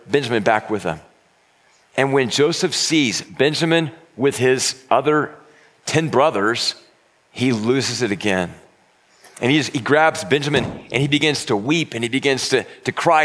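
Earnest pastor preaching with stammered restarts. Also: male voice, mid-range voice, a bit bright. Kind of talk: sermon retelling a scripture story.

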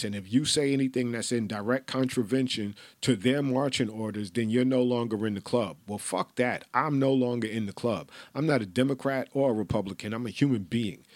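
A man's voice: medium pitch, no echo. A man hosting a solo podcast, ranting bluntly and profanely with lots of repetition. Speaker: podcast host.

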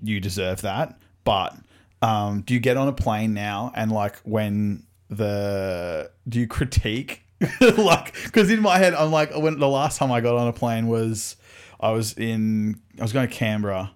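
A man's voice: on the low side, measured pace, clear, resonant tone. A young man hosting a casual podcast, chatty, laughing often and swearing freely. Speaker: podcast host.

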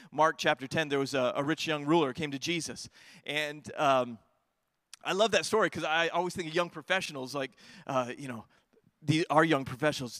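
A man preaching a sermon as pastor, talking to his congregation in a conversational way, often repeating words as he builds toward emphatic high points. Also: sharp tone, no room sound, studio quality.

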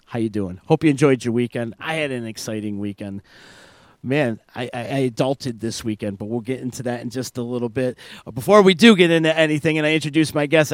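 A man hosting a radio show in an energetic, joking, casual way. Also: mid-range voice, dry recording. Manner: energetic, hype, loose and joking.

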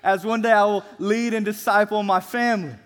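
A young male student pastor delivers an earnest, exhorting sermon. His voice sits high for a man, and he slows down to lean on key phrases. A long reverb from a large church sanctuary trails his words. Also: fairly even intonation, fairly bright tone.

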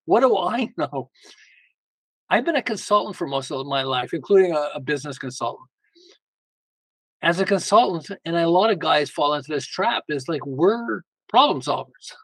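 A slightly high-voiced older man guests on a podcast, spinning casual family stories interview-style. He acts out family conversations with animation and chuckles a lot. The audio is poor and dry.

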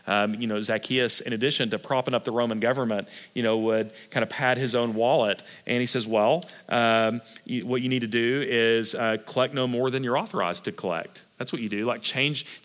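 A middle-aged pastor delivers his sermon in a loose, chatty manner, circling back on his words and padding them with fillers. His voice is bright and forceful, at an ordinary middle pitch. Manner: conversational, filler-heavy preaching with frequent "like" and restarts.

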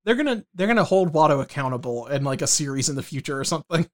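A man with a slightly high voice co-hosts a casual podcast. He talks loosely and swears casually. He also reads news items aloud between jokes. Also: lively intonation, fast talker. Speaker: podcast co-host.

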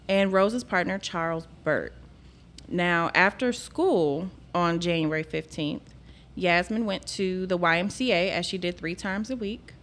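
A woman's voice: fairly low pitch, fairly bright tone, slight background noise. A woman podcast co-host from Memphis with a Southern accent, telling a case in a casual, friendly way and laughing easily. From Memphis, Tennessee. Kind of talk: casual chat and case narration.

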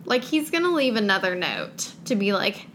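A woman's voice: mid-range voice, very animated, moderate pace, fairly bright tone, a little hiss or hum. A woman co-hosting a casual book chat podcast, sarcastic, reading passages aloud. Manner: sarcastic, reads passages aloud with mock voices. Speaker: podcast co-host.

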